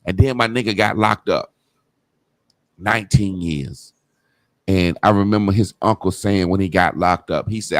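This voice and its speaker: A man's voice: deep voice, moderate pace, long pauses, no echo. A man telling a childhood story in casual, profane talk, acting out the people he quotes. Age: adult.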